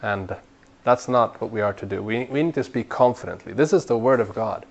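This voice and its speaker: A man teaching a training class in an earnest way, repeating words as he builds a point and growing animated when he urges people on. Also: on the low side, fairly quick, gravelly, muffled recording. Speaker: Bible study trainer.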